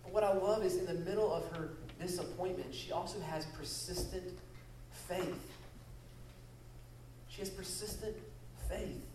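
This sermon comes from a male guest speaker who prays aloud and drives home important phrases by saying them again. He has a high, slightly mellow voice and a measured pace, picked up from afar in a reverberant church sanctuary with a little background noise.

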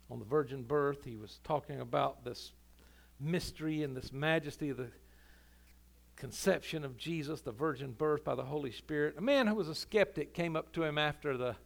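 High-voiced preaching pastor, man. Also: gravelly. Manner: impassioned preaching, building to loud emphatic climaxes. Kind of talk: sermon. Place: church sanctuary.

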